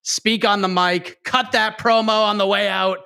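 A man hosting a casual fight show, playful and energetic, running a game and plugging upcoming shows. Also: high-pitched, measured pace, gravelly, clean tone. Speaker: host.

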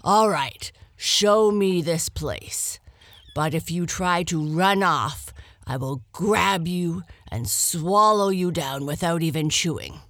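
Woman doing a loud growling storybook lion. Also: low voice, slow pace, hardly any pauses, no room sound. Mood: commanding. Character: big hungry growling male lion.

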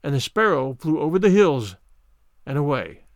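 Storyteller, male, measured expressive delivery, dry close sound. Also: fairly high pitch, vocal fry, dry recording. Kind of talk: fairy tale reading.

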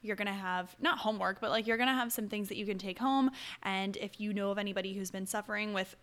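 A woman's voice: mid-range voice, fast, fairly bright tone. Chatty young woman podcast host. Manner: chatty, upbeat, rambling asides. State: hiccuping. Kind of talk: casual solo podcast.

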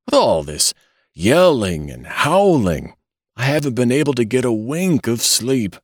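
A man's voice: mid-range voice, sing-song, measured pace, dry recording, pitched above the performer's own voice. A man puts on a cranky old man's voice, thin and quavering, raised well above his normal register. He whines and complains fussily in a storybook reading, all of it recorded dry and close. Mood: complaining. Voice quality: whining, quavering. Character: querulous old man who is a newborn, male.

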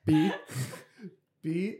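A man's voice: drawn-out words, warm tone. Joking man in an echoey room. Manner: jokey, coach-like advice giving. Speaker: podcast guest. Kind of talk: casual chat.

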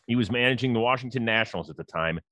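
A man's voice: medium pitch, racing, a bit bright, no echo. A man hosting an interview, reacting with laughs and playful mimicking of quotes. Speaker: podcast host. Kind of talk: casual interview chat.

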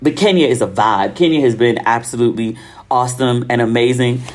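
An American woman with an extremely low, brisk voice hosts her own podcast. In a casual solo monologue, she tells travel stories in a chatty, slangy style and acts out the dialogue.

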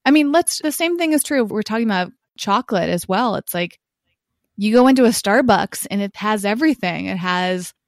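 A woman's voice: mid-range voice, lively intonation, brisk, no room sound. Woman, podcast co-host, casual chat, frequent laughs, dry recording. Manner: chatty, laughs often.

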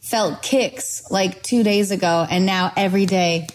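A young woman, a singer and podcast guest, chatting and telling stories in a bubbly, excitable way. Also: medium pitch, slight background noise, rough recording. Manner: bubbly, excitable, quick to laugh. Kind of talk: casual chat, storytelling.

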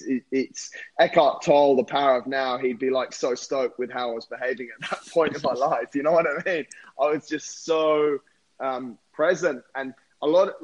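A man telling a story in casual conversation, animated and repeating words as he gets going. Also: on the high side, highs cut off. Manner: animated, repeats words when excited, says "mate". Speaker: podcast guest, former rugby player and endurance athlete.

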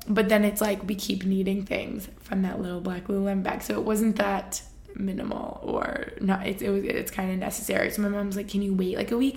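Chatty young woman with vocal fry. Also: mid-range voice. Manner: chatty, lots of fillers, laughs while telling stories. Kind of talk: casual storytelling chat.

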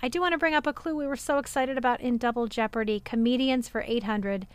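Bright-voiced woman podcast co-host. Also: on the high side, fairly even intonation, fast talker, clear, resonant tone. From Arizona. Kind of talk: casual chat recapping game shows.

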